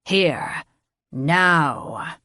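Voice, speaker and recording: A woman's voice: sits low, animated, bright, forceful tone, dry recording, clean studio sound, exaggerated voice. A woman playing Tormund, a growling dragon king. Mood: menacing. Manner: growling, slow and commanding. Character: menacing male dragon king, arrogant and blustering.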